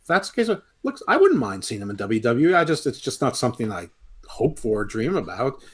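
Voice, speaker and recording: A man's voice: mid-range voice, very animated, a little fast, slightly rough. A man co-hosting a casual wrestling podcast, wry and opinionated, calling himself a villain for laughs. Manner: wry, opinionated, playful self-described villain. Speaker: podcast co-host, wrestling pundit.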